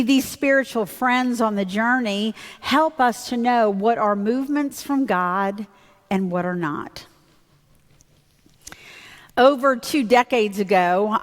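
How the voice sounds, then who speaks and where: Woman pastor preaching, chatty personal story, kinda high voice, long church echo. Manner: candid, conversational storytelling with fillers and self-corrections. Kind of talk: storytelling sermon. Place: church sanctuary. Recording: long reverb of a church hall.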